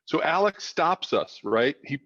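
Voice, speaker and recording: A man's voice: a little high, measured pace, no room sound, muffled recording. A man, a former football player telling a rambling podcast story full of fillers. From South Philadelphia. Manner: rambling, animated with many fillers. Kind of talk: casual storytelling.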